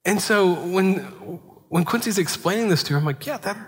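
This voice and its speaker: A man in his thirties preaching a sermon in a relaxed, conversational way, full of asides and rhetorical "right?" checks. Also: high-pitched, moderate pace. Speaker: pastor. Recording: long hall reverb.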